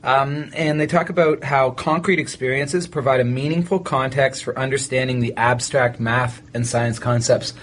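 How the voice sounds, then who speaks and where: A man's voice: medium pitch, steady tone, moderate pace, hardly any pauses, slight background noise. A man from Canada hosting a teachers' podcast in casual, joking chat. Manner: joking, playful, puts on silly voices. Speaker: podcast host.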